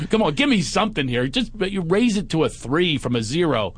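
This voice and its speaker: A man on a podcast telling a story with lively energy and acting out both sides of the conversation in loud, high voices. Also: moderate pace, husky, no echo. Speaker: comedian and podcast co-host. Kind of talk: animated storytelling chat.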